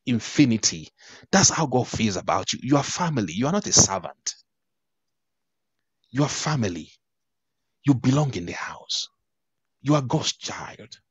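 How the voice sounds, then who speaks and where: A man's voice: medium pitch, slightly rough, no room sound, lo-fi sound. A man preaching a sermon, emphatic, with repeated phrases and frequent restarts. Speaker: pastor.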